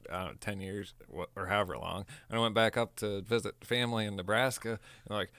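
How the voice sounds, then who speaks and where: Male podcast co-host, somewhat low voice, laid-back banter, keeps stumbling and laughing. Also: fast talker, fairly bright tone, clean tone, dry recording, studio quality. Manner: laughing, stumbling over words. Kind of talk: casual chat.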